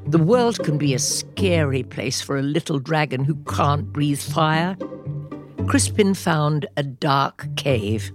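A woman host reading a picture book aloud to children in a slow, expressive storytelling voice. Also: low-pitched. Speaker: children's podcast host and reader. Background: soft music.

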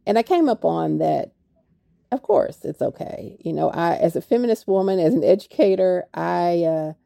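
A woman's voice: fairly low pitch, lively intonation, normal speed, gravelly, mellow, dry recording, studio quality. An older woman with a Kentucky accent, speaking as an author guest in a radio interview, reflective and hesitant, with many fillers.

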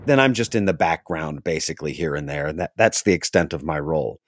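A man, an actor, telling a casual anecdote from a film set, animated and quick to laugh. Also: rumbling low, very noisy. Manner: animated, laughs often, mimics others' voices. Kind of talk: casual storytelling.

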